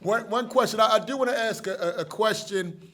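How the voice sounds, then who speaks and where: A man's voice: high-pitched, a little fast, fairly bright tone. A man hosting an interview and asking the guest questions in an inquisitive way. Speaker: host.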